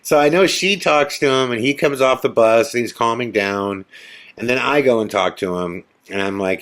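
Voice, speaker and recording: A man's voice: medium pitch, normal speed. A man hosting a podcast, telling a story casually and acting out the people he quotes. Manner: animated, acts out the people he quotes; loose, conversational with fillers like "you know" and "man". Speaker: podcast host.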